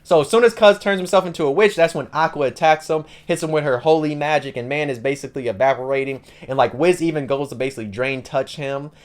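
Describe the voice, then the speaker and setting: A man's voice: fairly high pitch, fast talker, few pauses. A man giving a rambling, slangy casual recap of a story as an anime channel host, leaning on "like" and "basically".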